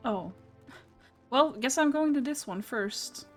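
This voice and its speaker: A woman's voice: high voice, lively intonation, slow pace, soft background music. A young woman streamer giving casual, giggly, chatty commentary while playing a game. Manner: giggly, chatty, self-deprecating.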